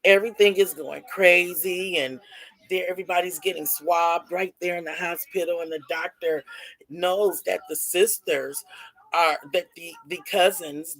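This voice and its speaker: A woman's voice: on the low side, poor audio. A woman telling a rambling family drama story in a casual spoken way, often restarting and correcting herself. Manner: rambling, repeats and self-corrects.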